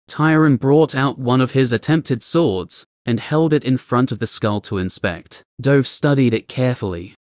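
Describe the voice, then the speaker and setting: Male audiobook narrator, mid-pitched, even measured delivery, dry close sound. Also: no echo. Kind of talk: scripted fantasy narration.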